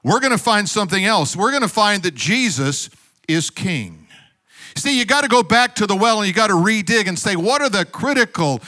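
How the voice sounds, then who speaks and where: A man's voice: sits high, big pitch swings, normal speed, pushed and bright. A male pastor preaching a sermon emphatically, firing rhetorical questions, calling out for amens and tossing in joking asides to the congregation.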